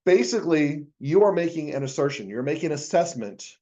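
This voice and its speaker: A man's voice: fairly high pitch, lively intonation, a little fast, warm tone, lo-fi sound. A male accounting professor giving a conversational university lecture, asking the class rhetorical questions with frequent fillers.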